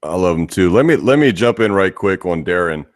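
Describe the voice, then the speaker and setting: A man co-hosting a casual political podcast, jokey and animated, talking in quick bursts. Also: deep voice, no echo, studio quality. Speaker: podcast co-host.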